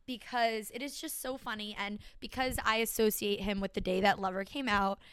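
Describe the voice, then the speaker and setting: A woman's voice: mid-range voice, steady tone, moderate pace, a bit bright, clean tone, no room sound. A young woman co-hosting a casual podcast, telling a story with many fillers of "like" and bursts of laughter. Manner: chatty, fillers of "like", laughs between lines. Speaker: podcast co-host.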